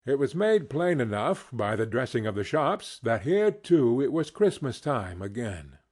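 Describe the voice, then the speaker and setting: A male audiobook narrator reads a classic story at a slow, deliberate pace. His pitch moves a lot, and his voice has a slightly husky edge. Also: very animated, a little mellow. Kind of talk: scripted narration.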